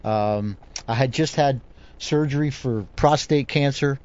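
A man's voice: medium pitch, unhurried, a little mellow, lo-fi sound. A man in casual conversation, telling a long fishing story with many restarts and "you know"s. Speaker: guest angler.

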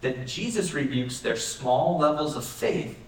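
A man's voice: medium pitch, lively intonation, a little slow. A man pastor preaching a sermon in a conversational way, often asking rhetorical questions, in a church hall. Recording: echoey room, mic far off.

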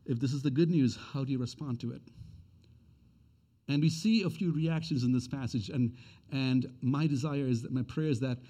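A man's voice: mid-range voice, moderate pace, mellow. A man preaching a sermon as pastor. He speaks earnestly and repeats his key questions for emphasis.

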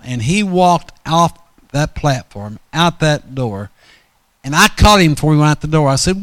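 A man's voice: a little high, animated, normal speed, fairly bright tone, no echo. A man preaching a storytelling sermon in a folksy, rambling way, often correcting himself mid-sentence.

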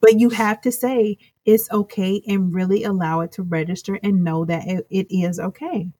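A woman's voice: medium pitch, fairly even intonation, normal speed, dark tone, breathy edge, no room sound. A woman guest in an interview, speaking earnestly and reflectively, rambling through her thoughts. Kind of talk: casual interview chat.

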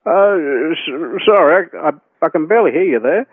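A man's voice: a little high, expressive, normal speed, no room sound. A man playing a male supervisor on a prank call, stammering and repeating the same line. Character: male supervisor stuck on a looped recording. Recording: tinny phone line.

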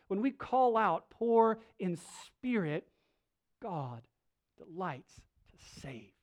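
Man preaching with dramatic loud-soft swings. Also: big pitch swings. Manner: swings between loud slow emphasis and soft low asides; conversational, with filler restarts. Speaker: pastor. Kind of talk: sermon.

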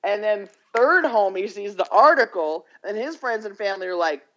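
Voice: mid-range voice, expressive, moderate pace, hardly any pauses, fairly bright tone, highs cut off. A podcast co-host chatting casually, rambling through a story, acting out the quotes and swearing freely. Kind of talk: casual chat, retelling a documentary.

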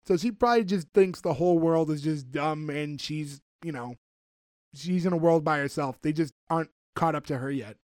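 A man's voice: a little high, moderate pace, dry recording. A man, chatting casually as a podcast co-host. He rambles through his recap with plenty of fillers. The recording is close and dry, with no room sound. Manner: animated storyteller, rambling with fillers. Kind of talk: casual chat.

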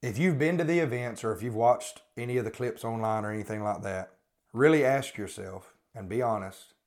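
Man, podcast host, critical religious commentary, repeats questions, frequent restarts, mid-pitched. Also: fairly quick, darkish tone.

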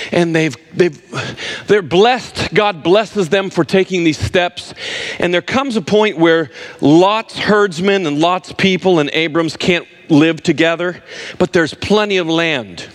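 Male preacher, slightly high voice, emphatic sermon delivery that leans on repetition. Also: measured pace. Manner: emphatic, repeats words for stress, addresses listeners directly.

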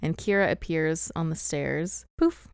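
A woman with a lowish voice co-hosts a laid-back recap podcast, chatting through a TV episode and breaking into giggles often. The sound is dry and close, with no room around it. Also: unhurried, vocal fry, clear, resonant tone, dry recording. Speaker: podcast co-host. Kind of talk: casual TV episode recap chat.

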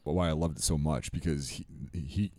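A man's voice: very deep voice, fairly even intonation, normal speed, darkish tone, dry recording. A man co-hosting a podcast, chatting casually and often chiming in to agree. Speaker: podcast co-host. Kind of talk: casual chat.

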